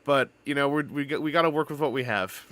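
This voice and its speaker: A man's voice: a little high, fairly quick, fairly bright tone. A man from Canada chatting casually on a live stream, telling rambling stories with playful wordplay.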